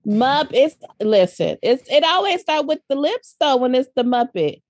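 A woman co-host trading gossip with blunt, animated opinions and plenty of laughter. Her voice sits somewhat high and is recorded close and dry. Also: normal speed, no room sound. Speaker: podcast co-host. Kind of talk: casual gossip chat.

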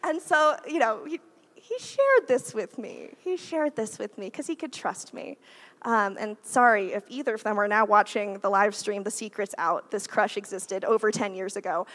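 With a mid-range, fairly bright voice at normal speed, a woman in her thirties delivers a conversational sermon as a guest preacher in a church. Her manner is chatty, and "like" and "right?" come up again and again.

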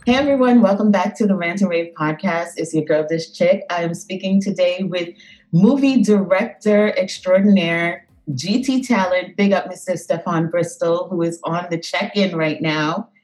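Lively laughing woman podcast host. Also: on the low side, normal speed, rough recording. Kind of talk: casual interview chat.

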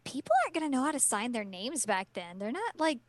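A woman co-hosting a laid-back podcast, trading wry remarks and frequent laughs with her partner. Her voice sits a little higher than most. The sound is dry and close, with no room around it. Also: lively intonation, fast talker, no echo. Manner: laughs often, chatty and wry. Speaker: podcast co-host. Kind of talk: casual chat.

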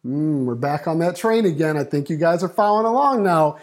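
A man preaching a sermon, building up and dropping to a hush, acting out voices in the story. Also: on the high side, expressive, brisk. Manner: dynamic preaching, swings from loud to hushed. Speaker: pastor.

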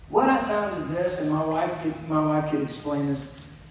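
A middle-aged pastor delivers a sermon at a moderate pace, relaxed and conversational as though chatting with his congregation. His voice is a little high for a man and sounds far from the mic in a large, echoing church hall with faint background noise.

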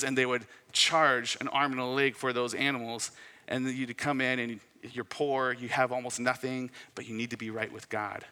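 A man preaching a sermon in a relaxed, conversational way, retelling scenes and acting out short quotes. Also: mid-range voice, normal speed, in a large hall. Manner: conversational, storytelling with acted quotes. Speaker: pastor.

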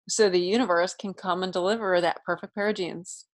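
A woman's voice: mid-range voice, fairly quick, few pauses. A woman hosting a podcast, speaking casually and encouragingly to her guest. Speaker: podcast host. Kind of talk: conversational interview.

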